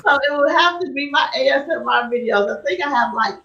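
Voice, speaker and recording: Female guest, somewhat high voice, laughs easily, roomy and lo-fi audio. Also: a little fast, few pauses, bright, forceful tone, a little hiss or hum. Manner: laughs easily, earnest when encouraging. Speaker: guest YouTuber. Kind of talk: casual interview chat. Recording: roomy, dull remote audio.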